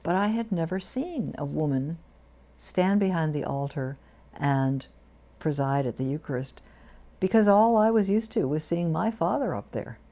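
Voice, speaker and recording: An older woman with a low, gravelly voice tells stories at normal speed, interviewed as an Episcopal priest in a community TV studio. Her storytelling is warm and anecdotal, with lively voices for the people she quotes.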